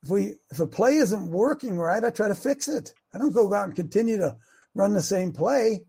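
A man hosting a talk show, giving a folksy, preachy monologue with many restarts that builds to shouting. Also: sits high, animated, normal speed, gravelly, breathy edge. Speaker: host.

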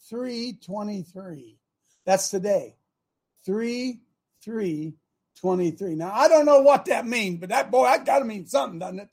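Husky high-voiced guy hosting his show, gets loud, repeats stuff a lot. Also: moderate pace. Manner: animated, loud bursts, repeats himself. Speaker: host. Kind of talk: casual opinionated show talk.

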